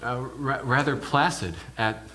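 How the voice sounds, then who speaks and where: A man's voice: mid-range voice, measured pace, pushed and bright, slight background noise. A male minister preaching in character as an awed village pig herder, telling his story in the first person with hesitant, often repeated words. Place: church.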